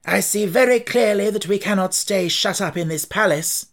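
A woman voicing a calm, thoughtful male scarecrow who speaks in a measured way, in an audiobook reading. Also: medium pitch, voice pushed up, lightly acted. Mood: decisive. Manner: measured, deliberate.

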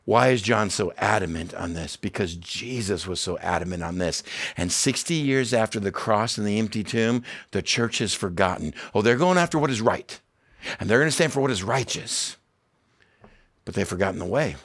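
A middle-aged man preaching a sermon in a fairly low voice. He is earnest and emphatic and repeats key phrases for weight. Now and then he drops into casual, chatty asides. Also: expressive, normal speed, fairly bright tone. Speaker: pastor.

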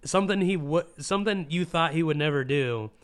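A man talking excitedly and emotionally about a film in casual chat, with lots of fillers and restarts. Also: on the high side, a little fast.

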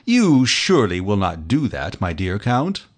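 A flippant young viscount full of playful, mock-dramatic complaints, as a man reads him in an audiobook. His lines come slowly, rising and falling freely, and one teasing remark follows another. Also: on the low side, wildly swooping pitch, pitched below the performer's own voice, full character voice. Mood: coaxing. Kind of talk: audiobook character reading.

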